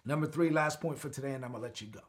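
A man's voice: mid-range voice, very fast. A man preaching an online devotional sermon, exhorting his listeners and calling on them to answer back. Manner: exhorting, calls for responses. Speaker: pastor.

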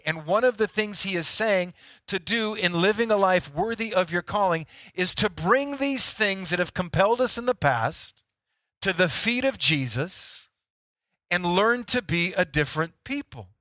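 A man's voice: sits high, bright, forceful tone, no echo, clean studio sound. A man preaching a sermon as a pastor, emphatic and repeating key lines for effect.

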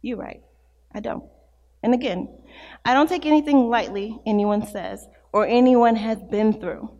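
A woman in her thirties, a pastor, preaching an animated sermon full of acted-out stories. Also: on the high side, measured pace, big-room sound, muffled recording. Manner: animated, storytelling with acted-out quotes.

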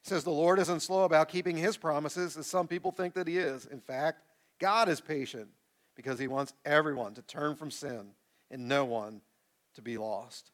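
A man's voice: a little high, normal speed. A man in his forties preaching a sermon to a live congregation, reading scripture and calling out for the room to answer back. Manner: animated, call-and-response with the congregation. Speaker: pastor. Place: church sanctuary with a live congregation.

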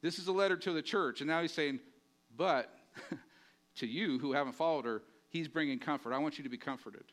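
A man preaching in a conversational, emphatic way, with a somewhat higher voice. He often asks the congregation questions and drops his voice when he speaks quoted lines. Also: normal speed, fairly bright tone. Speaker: pastor. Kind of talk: sermon.

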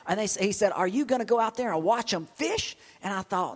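A middle-aged man with a drawl delivers a sermon in a church. His voice sits high for a man and he tells stories with sudden shouts and stumbling repeats. The sound carries a long reverb from the hall. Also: fairly quick, hardly any pauses. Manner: lively storytelling with shouts and repetitions. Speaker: pastor.

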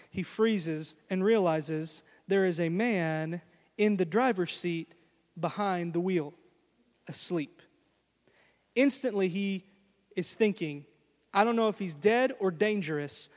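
High-voiced preacher. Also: male voice. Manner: animated storytelling, addresses the congregation directly. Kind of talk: sermon. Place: church sanctuary. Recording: long reverb of a church hall.

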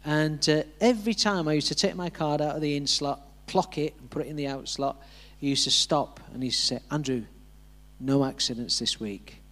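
A man preaching from the pulpit, slipping into a relaxed storytelling manner. His voice sits a little higher than most men's, and he acts out the voices he quotes with small chuckles. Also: brisk. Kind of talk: sermon with personal story.

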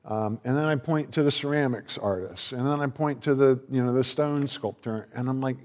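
In a large hall with long reverb, a man delivers a sermon casually, frequently starting over and voicing characters in playful quoted exchanges. He talks at medium pitch and normal speed, with few pauses and a darkish tone.

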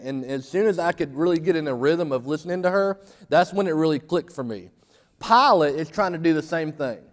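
Pastor, man, slightly high voice, conversational sermon delivery that rises when animated, church hall reverb. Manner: conversational preaching, rising animated for emphasis. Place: church sanctuary.

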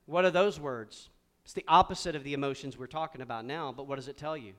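A pastor preaches to a live congregation in a church sanctuary, his high voice smooth and resonant. He talks fast and drives his points home with energy, getting the crowd to repeat key words back in an animated call-and-response.

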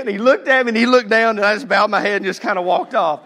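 Lively high-pitched preacher in a hall. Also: male voice, brisk, hardly any pauses. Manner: animated storytelling preacher, swinging from hushed to loud. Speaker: pastor. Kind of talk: sermon. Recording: long reverb of a large hall.

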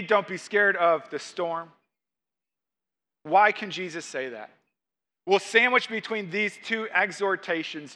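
A man's voice: sits high, sharp tone. A man preaching a sermon, reading scripture aloud and explaining it with rising emphasis. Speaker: pastor.

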